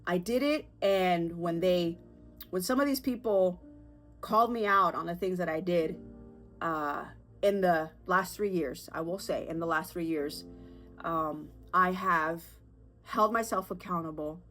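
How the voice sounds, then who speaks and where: A woman in her thirties, perhaps with a lilt, hosting a personal podcast in an earnest, emotional way, with halting restarts and fillers. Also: fairly low pitch, a bit bright, faint music behind. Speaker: podcast host.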